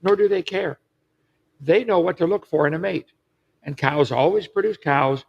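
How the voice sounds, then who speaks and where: A man's voice: a little high, normal speed, gravelly, breathy edge, highs cut off. A man lecturing assertively in an old recorded clip. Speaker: creationist speaker.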